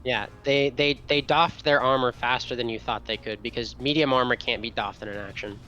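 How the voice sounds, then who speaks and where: A man's voice: mid-range voice, fairly even intonation, brisk, sharp tone, muffled recording. A man narrating a tabletop game as game master, rambling with many fillers and restarts.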